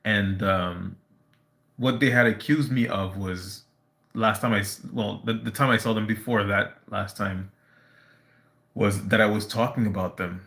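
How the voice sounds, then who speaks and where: A man on a casual live stream, telling a personal story in a halting way, full of fillers and restarts. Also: on the low side, steady tone, a bit bright.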